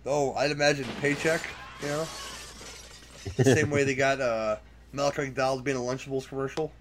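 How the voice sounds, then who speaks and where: A man's voice: mid-range voice, steady tone. A man chats his way through a film commentary in a loose, jokey voice. His talk is crude and offhand. A faint background hum sits under the recording. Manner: loose, crude, joking, quick to laugh. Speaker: podcast commentary host. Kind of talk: casual movie commentary chat.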